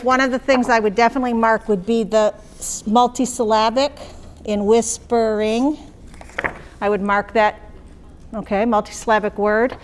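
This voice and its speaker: A woman with a fairly high voice, with a little hiss or hum on the recording, trains teachers on phonics. In a conversational way, she explains how she'd mark phonics skills in a lesson and checks in with her listeners.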